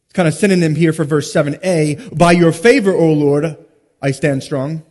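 Preaching an expository sermon in a large sanctuary, a high-voiced man keeps a steady tone as his words ring with long hall reverb. He swings from loud, emphatic stresses to hushed, slowed drops, often pausing dramatically on rhetorical questions.

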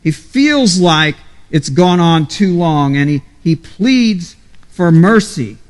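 A man preaching an expository sermon as a pastor, measured and earnest, pressing fervent emphasis into the psalm's appeals. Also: on the high side, expressive. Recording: reverberant hall.

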